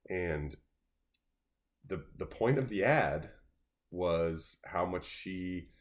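Podcast host guy, lowish voice, rambles, lots of uh and you know. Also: lively intonation. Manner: rambling, halting, full of fillers. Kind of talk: casual political chat.

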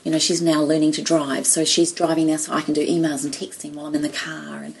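Middle-aged woman, low gravelly voice, expressive anecdotal chat, faint room noise. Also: fast talker, rough recording. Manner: warm storytelling, emotional, quotes others animatedly. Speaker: guest. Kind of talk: casual chat.

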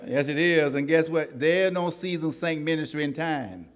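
A man's voice: fairly high pitch, normal speed, big-room sound. A middle-aged man preaching a sermon to a church congregation, building rhythmic repetitions and calling for responses. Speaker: pastor.

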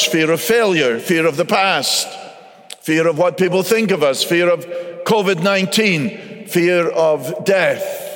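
Man, pastor, gravelly, slow deliberate sermon, long reverb. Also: medium pitch. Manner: earnest, emphatic preaching with repeated phrases. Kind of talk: radio sermon.

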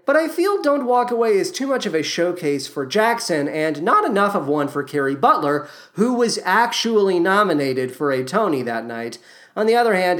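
A man hosting a podcast, reviewing a musical in a sarcastic monologue full of mocking, jokey asides. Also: a little high.

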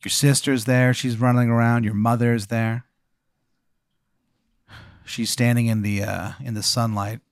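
A man's voice: mid-range voice, level tone, measured pace, long pauses, clean tone, no echo, studio quality. A man improvising a story as game master, rambling with many fillers.

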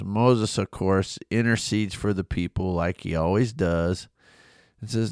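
A man, a pastor, retelling a Bible story in a casual, animated way and asking his listeners questions. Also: low-pitched, unhurried, dry recording, studio quality. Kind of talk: casual Bible study talk.

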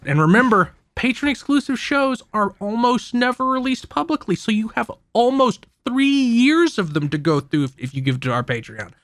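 A man's voice: very high-pitched, big pitch swings, moderate pace, hardly any pauses, a bit bright, dry recording. A man co-hosting a podcast, reading a membership plug in a chatty way, laughing now and then. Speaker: podcast co-host. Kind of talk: podcast ad read.

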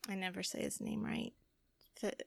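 A woman co-hosting a podcast in casual chat, speaking gently and reflectively, often trailing off mid-thought. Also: moderate pace, no room sound. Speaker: podcast co-host.

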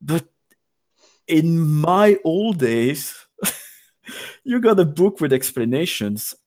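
A man from Belgium, a guest on a podcast, talking casually and often pausing to search for words. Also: on the high side, very animated, a little mellow. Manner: hesitant, searching for words with many fillers. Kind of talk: casual chat.

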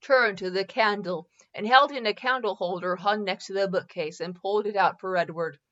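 A woman reads fan fiction aloud in a casual, amused way, fixing her own slips as she goes. Her voice is bright and edgy. The recording is muffled and lo-fi. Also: mid-range voice, normal speed. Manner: laughs and corrects herself while reading. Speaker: fanfiction reader. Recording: dull lo-fi recording.

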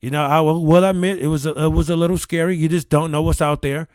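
A man's voice: on the high side, fairly even intonation, fast, a little mellow, no echo. A man casually telling a long personal story, rambling with restarts, repeated words and casual swearing. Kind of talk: casual anecdote.

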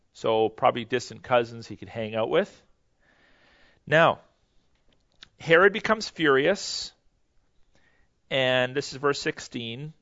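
A man's voice: medium pitch, vocal fry, fairly bright tone. A man teaching a Bible history lesson in a conversational, explanatory way, often restarting his sentences. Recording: dull lo-fi recording.

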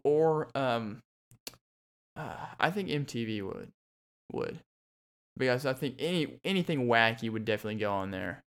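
A man's voice: mid-range voice, clean tone. A young man hosting a solo podcast, rambling and joking with lots of fillers and restarts. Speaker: podcast host.

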